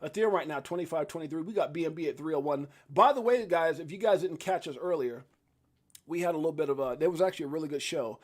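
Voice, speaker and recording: A man hosting a casual crypto live stream, rambling and chatty, laughing often and breaking into sudden loud excited bursts. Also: fairly high pitch, fast talker. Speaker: crypto livestream host. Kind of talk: casual live-stream chat and market rundown.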